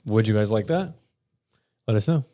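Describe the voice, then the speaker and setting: Laid-back young podcast guy, low-ish voice, dry jokes, lots of short yeahs. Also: lively intonation, normal speed, dark tone. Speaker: podcast co-host. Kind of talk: casual chat.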